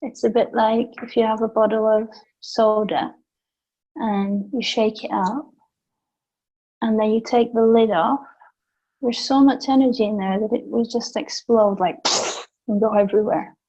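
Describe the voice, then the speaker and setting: A woman facilitating a gentle guided session, speaking softly and soothingly with simple images. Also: a little high, fairly even intonation, lo-fi sound. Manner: soft, slow and soothing, with imagery. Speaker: energy work facilitator.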